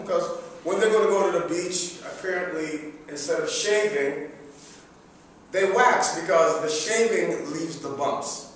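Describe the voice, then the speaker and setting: A middle-aged man giving a humorous speech, telling a self-mocking story in an animated, chatty way. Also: a little high, measured pace, far from the mic, slight background noise. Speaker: public speaker. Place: large hall. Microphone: distant room mic. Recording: echoey hall recorded from afar.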